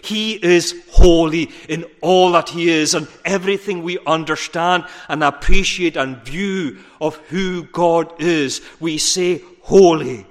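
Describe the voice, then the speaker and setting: Man preaching in a reverberant hall. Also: fairly high pitch. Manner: earnest, measured preaching with rising emphasis on repeated words. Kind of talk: sermon.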